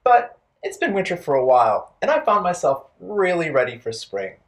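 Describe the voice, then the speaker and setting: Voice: mid-range voice, sing-song, normal speed. A storytime host for young children, playful and encouraging, speaking directly to the kids and leading rhymes.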